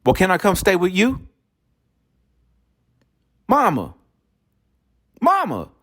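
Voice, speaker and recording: A man voicing an indignant young woman who scolds in a high, mocking tone. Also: huge pitch swings, slow, a bit bright, exaggerated voice. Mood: gossiping. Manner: high-pitched, mocking and shrill.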